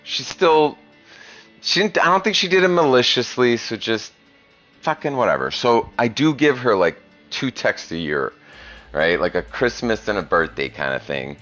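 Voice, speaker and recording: A man's voice: medium pitch, sing-song, moderate pace, fairly bright tone, soft background music. A young man streaming, chatting casually with a young viewer, crude and profane, rambling and laughing often. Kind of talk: casual chat.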